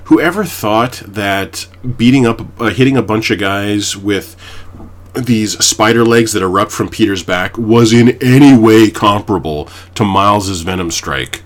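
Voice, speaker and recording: Speaking a little slowly in a voice on the low side, a young Canadian man co-hosts a podcast. His casual chat is made up of long, rambling stories thick with fillers.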